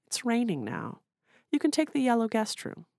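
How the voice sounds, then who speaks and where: A woman voicing a kind party hostess who speaks gently but gives directions. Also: fairly high pitch, huge pitch swings, normal speed, vocal fry, dry recording, studio quality, pitched above the performer's own voice, exaggerated voice. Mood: kindly. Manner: kindly, directive.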